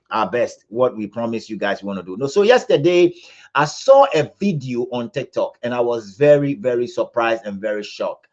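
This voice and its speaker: A Ghanaian man hosts a live commentary stream in a mid-pitched voice. He loops back on his words with stammered restarts and presses hard on points that outrage him. The audio is slightly dull and lo-fi. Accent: Ghanaian English. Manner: repetitive, stammering restarts, rising to indignant emphasis. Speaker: livestream host.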